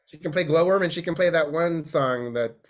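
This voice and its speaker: A man appearing as a podcast guest in a casual chat. His voice sits slightly high, and he muses out loud, rambling and trailing off as he thinks. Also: brisk.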